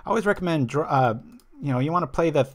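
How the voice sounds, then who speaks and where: A man's voice: fairly high pitch, lively intonation, fast. A man hosting a stream, chatting casually and rambling as he plays a card game and reads viewer comments aloud. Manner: chatty, rambling, loses his train of thought. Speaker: stream host.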